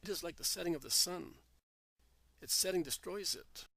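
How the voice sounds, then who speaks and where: A kind spiritual teacher speaks calmly and asks gentle questions, as a male reader takes his part. The voice is a little high and sounds dry and close. It is a plain storybook reading. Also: normal speed, vocal fry, dry recording, full character voice, rough recording.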